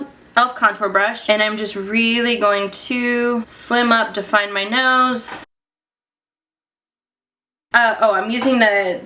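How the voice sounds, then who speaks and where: Give me a young woman vlogger, gushing and chatty, with a bright, slightly high voice. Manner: gushing, breaks into excited squeals. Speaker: beauty vlogger. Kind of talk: casual makeup tutorial narration.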